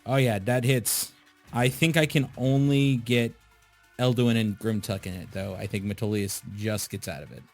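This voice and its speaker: A man narrating a tabletop game as game master, describing the scene slowly and addressing the players. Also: fairly low pitch, darkish tone, soft background music. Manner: slow, descriptive narration with asides.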